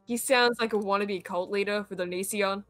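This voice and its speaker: A woman co-hosts a casual late-night chat, chatty and full of filler words. Her voice is bright and clear. Faint music plays behind her. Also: mid-range voice, steady tone, fairly quick. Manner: chatty, lots of fillers, laughs along. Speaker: co-host.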